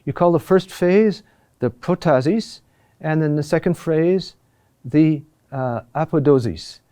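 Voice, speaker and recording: Slow, mellow-voiced man teaching chant. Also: fairly high pitch. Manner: slow and deliberate, with frequent "uh" pauses. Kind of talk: classroom lecture.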